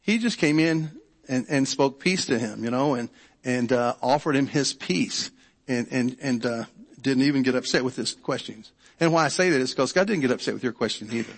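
Conversational preacher in a reverberant church hall. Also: male voice, medium pitch, normal speed. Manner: conversational, repeats words, checks in with the congregation. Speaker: pastor. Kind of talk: sermon. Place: church sanctuary.

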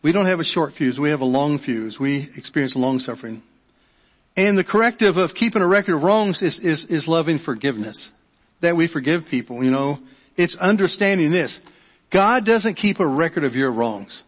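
This middle-aged pastor's voice sits fairly high and moves briskly as he delivers a conversational sermon. Words get repeated, sentences restart, and he keeps turning to the congregation with questions. The church sanctuary lends the audio a long hall reverb.

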